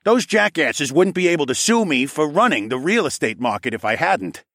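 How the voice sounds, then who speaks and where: A man plays a gruff, paranoid man in a trench coat, grumbling and swearing in a storybook reading. His voice sits a bit above the narrator's own and is delivered close and dry. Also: a little high, very animated, moderate pace, a bit bright, no room sound, voice pushed up, heavily acted.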